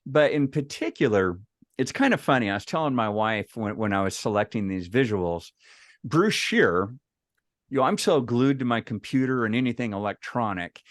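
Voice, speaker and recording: A man's voice: mid-range voice, animated, moderate pace, no room sound, studio quality. A man presenting at an online meeting. He tells anecdotes with frequent restarts and asks the group questions. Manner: storytelling with many restarts. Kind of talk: casual workshop talk.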